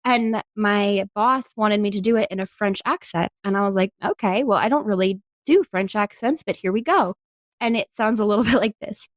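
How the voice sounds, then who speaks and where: A woman's voice: mid-range voice, normal speed, no echo. Actress guest, young woman from New York, laughs through her stories, dry recording. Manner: giggly, animated storyteller. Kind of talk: casual interview chat.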